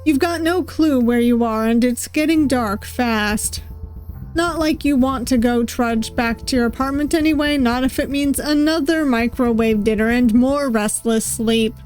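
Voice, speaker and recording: A woman's voice: a little high, a little slow, darkish tone. A woman streaming a visual novel playthrough, reading its text aloud with playful voices and laughter.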